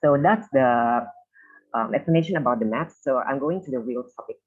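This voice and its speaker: A man's voice: medium pitch, normal speed, phone-quality sound. Indonesian-accented young man presenting. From Indonesia (Medan, North Sumatra). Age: young adult. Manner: explains with filler "okay?" and "um", imitates regional intonations. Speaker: student presenter. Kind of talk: informal presentation.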